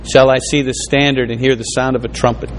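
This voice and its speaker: A man's voice: mid-range voice, level tone, brisk, a little hiss or hum. A man preaching a sermon, reading scripture aloud with fervent, rising and falling emphasis. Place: room with an audience.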